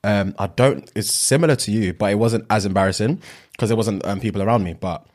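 A young man in casual chat, relaxed, laughing along and adding quick remarks. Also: on the low side.

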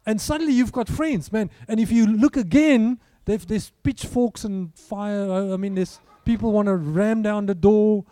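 A man preaching with a high, strikingly mellow voice. He talks to his congregation in an easy, conversational way and keeps asking them questions. The sound is dry and close. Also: normal speed, few pauses, dry recording. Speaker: pastor. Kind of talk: sermon.

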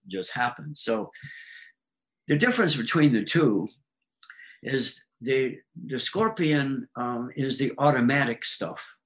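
A man's voice: medium pitch, a bit bright, rough recording. A man speaking as an astrology guest in casual talk, rambling with frequent ums and acting out voices in his stories. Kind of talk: casual explanatory conversation.

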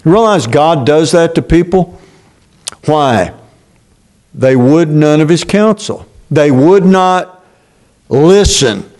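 Older man, pastor, sermon, slow, emphatic, raised pitch. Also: animated, a little mellow. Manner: slow, emphatic preaching with halting restarts.

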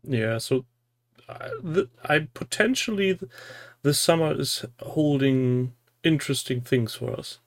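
A man co-hosting a podcast in casual chat, speaking hesitantly with frequent pauses. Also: mid-range voice. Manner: slow and hesitant, many "uh" fillers. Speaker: podcast co-host.

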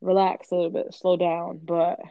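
A young woman talks candidly and swears freely in a casual chat, slipping into quoted back-and-forths as she tells her stories. Her voice sits a little low, and the recording is dull and lo-fi, with a dry, close sound. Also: completely flat delivery, normal speed, gravelly, no room sound. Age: young adult. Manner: candid, profane, acts out conversations.

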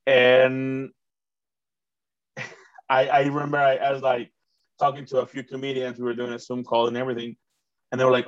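A man's voice: mid-range voice, monotone, moderate pace, long pauses, no room sound, highs cut off. A man hosting a casual interview, talking in a rambling way with many restarts. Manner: rambling, frequent restarts and fillers. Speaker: interview host.

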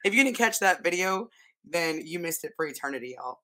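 Lower-voiced woman co-host, voice half gone. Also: animated, brisk, sharp tone. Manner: playful, laughing. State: losing her voice. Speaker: podcast co-host. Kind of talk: casual chat.

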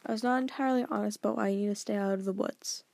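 A woman's voice: medium pitch, fairly even intonation, vocal fry, darkish tone, no room sound, close to an everyday voice. Woman voicing a stern, grave old grandfather. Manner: measured, grave, lecturing.

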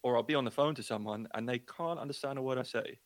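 An animated man with a Luton English accent tells stories in relaxed conversation. He slips into other people's voices as he talks. The sound is dry and close. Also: medium pitch, fast, no room sound. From England. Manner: chatty, animated storytelling with quoted voices. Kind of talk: casual chat.

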